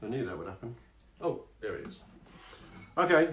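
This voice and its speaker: A man's voice: medium pitch, big pitch swings, normal speed. A man who sings and writes songs, chatting on a live stream between comic songs, rambling and making fun of himself. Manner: rambling, self-deprecating asides. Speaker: singer-songwriter performing live. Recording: echoey room, guitar playing.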